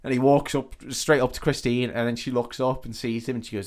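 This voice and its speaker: A man talks through a film plot in a loose, rambling way, swearing freely and slipping into the characters' lines. His pitch stays flat and level throughout. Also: fairly quick. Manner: sweary, rambling retelling with quoted dialogue. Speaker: podcast co-host. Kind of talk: casual film recap chat.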